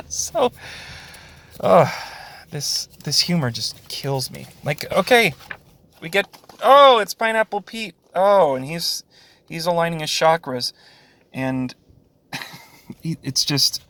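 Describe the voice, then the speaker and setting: A man's voice: on the high side, expressive, a little slow, long pauses, fairly bright tone, slight background noise. A man giving a casual spoken review of a comic book, sarcastic, with frequent sighs, short laughs and fillers.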